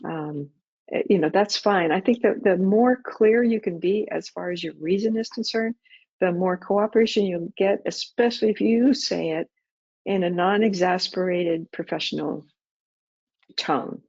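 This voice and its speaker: A woman's voice: on the low side, unhurried, creaky, darkish tone, breathy edge, no echo. A middle-aged woman and former air traffic controller answering pilots' questions in a practical, conversational way, acting out radio calls. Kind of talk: webinar Q&A answers. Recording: dull muffled webinar audio.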